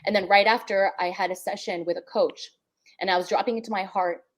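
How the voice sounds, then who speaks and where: A woman's voice: mid-range voice, fairly even intonation, fairly quick. A young woman co-hosting a spiritual podcast, talking earnestly and emotionally, often repeating words for emphasis. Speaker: podcast co-host. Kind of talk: heartfelt spiritual podcast chat.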